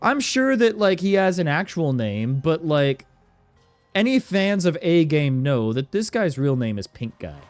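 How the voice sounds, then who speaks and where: A man's voice: a little high, big pitch swings, a little slow, soft background music. A man streaming a game, giving chatty, jokey commentary full of fillers. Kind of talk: casual let's-play commentary.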